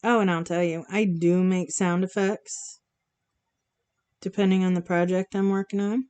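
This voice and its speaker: A woman hosts a charity live stream, painting while she chats casually, reads viewers' comments and giggles in reaction. Her voice is lowish, fairly even in intonation, moderate in pace, a little mellow and smooth.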